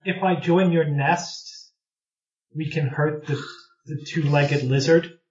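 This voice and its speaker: A vengeful bird creature of little wit speaks in short, blunt, childish demands, as a man voices it. The voice sits a touch high and moves slowly. The tabletop game recording is dull and lo-fi, with a roomy echo. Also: fairly even intonation, darkish tone. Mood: eager. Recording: echoey room, dull lo-fi sound.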